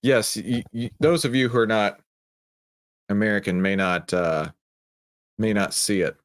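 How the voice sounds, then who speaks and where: Chatty Texan man with a low voice. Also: a little slow. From Texas. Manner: chatty, greets viewers by name, drawls y'all. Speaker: livestream host. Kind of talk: casual livestream chat.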